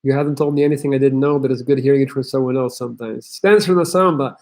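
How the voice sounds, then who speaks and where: A man's voice: mid-range voice, fairly even intonation, fast talker, darkish tone. A young man from Belgium, hosting a livestream where he reads chat messages aloud and gives blunt, crude tough-love advice. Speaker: host.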